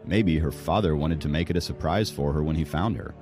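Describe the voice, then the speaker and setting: Deep, expressive male audiobook narrator. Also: a little fast, music in the background. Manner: expressive storytelling. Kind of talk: scripted narration.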